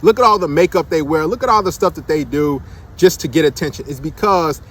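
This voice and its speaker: Blunt high-voiced man ranting. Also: brisk, a bit bright. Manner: blunt, emphatic, rhetorical questions. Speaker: dating commentator. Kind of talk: casual monologue commentary.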